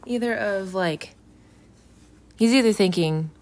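Young woman rambling casually about a bible story, slow and kinda low, lots of "like" and "you know". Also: darkish tone. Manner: rambling and informal, with many fillers like "you know" and "like". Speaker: person reflecting on a Bible story. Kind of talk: casual spoken reflection.

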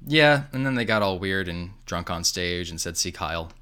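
Podcast host guy, pretty low voice but punchy and forceful, all over the place, swears a lot. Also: normal speed, clear, resonant tone. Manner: excitable, scattered, jokey, swears. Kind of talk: casual chat.

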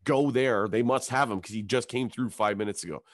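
A man's voice: medium pitch, fairly quick. A young man, telling a long comic story on a podcast, swearing freely and acting out voices in a raised tone. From Canada. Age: young adult. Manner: animated, profane storytelling, acts out his own and others' lines in a raised voice. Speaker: comedian guest.

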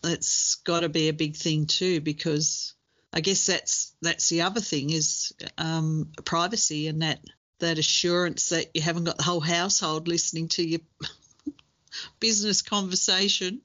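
A woman's voice: deep voice, fairly even intonation, a little slow, a bit bright. A woman co-hosting a podcast in casual chat, thoughtful and easy to laugh, with hesitant fillers. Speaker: podcast co-host. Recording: dull lo-fi sound.

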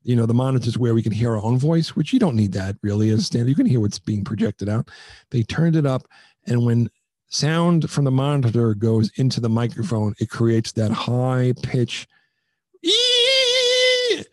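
A man's voice: medium pitch, moderate pace, warm tone, dry recording. A middle-aged man hosting a comedy podcast, telling rambling self-mocking stories in casual chat on a headset mic. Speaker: podcast host.

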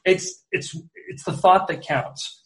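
A middle-aged man, a guest sports columnist, telling animated, rambling anecdotes in casual chat, full of restarts. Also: high-pitched, slow, reverberant.

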